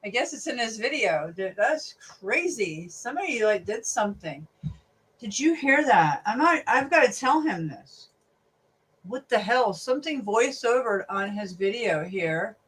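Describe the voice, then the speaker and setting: A woman reacting to a video, excitable and incredulous, talking straight to her viewers. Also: a little high, measured pace, breathy edge, recorded from a distance. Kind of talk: reaction commentary.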